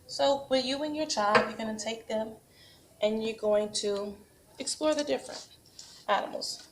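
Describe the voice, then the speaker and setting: A woman preschool teacher demonstrating a craft activity at home and giving parenting tips, speaking slowly and patiently. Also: a little high, background noise. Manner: patient, slow and encouraging, models sing-song animal sounds for toddlers.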